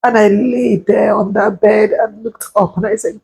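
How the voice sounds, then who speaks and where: Slow, tearful woman, husky and gravelly. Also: medium pitch, steady tone, a little mellow, low-quality recording. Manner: slow, halting, grieving. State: tearful, crying at times. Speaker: vlogger sharing a personal story. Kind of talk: emotional personal storytelling.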